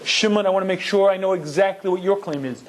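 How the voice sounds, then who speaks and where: Male lecturer, Torah class, higher voice, emphatic, asks and answers his own questions. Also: quick pace. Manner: emphatic, rhetorical questions, Hebrew terms. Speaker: Torah teacher.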